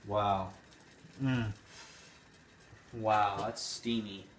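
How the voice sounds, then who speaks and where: A man's voice: on the low side, fairly even intonation, drawn-out words. A young man hosting a casual home cooking show in a goofy, rambling, playful way. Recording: echoey room with background noise.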